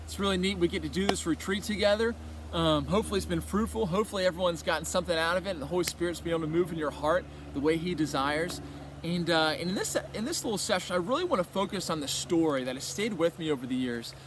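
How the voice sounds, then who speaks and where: Chatty higher-voiced man retelling a story. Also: quick pace, background noise. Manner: conversational, rambling, with many restarts and quoted dialogue. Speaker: retreat speaker. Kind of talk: casual faith talk telling a story.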